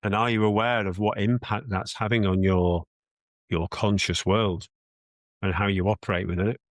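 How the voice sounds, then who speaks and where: Earnest low-voiced British man, dry sound. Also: fairly even intonation, normal speed, no echo. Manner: earnest, reflective, with restarts. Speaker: mindset coach. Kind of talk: podcast interview answers.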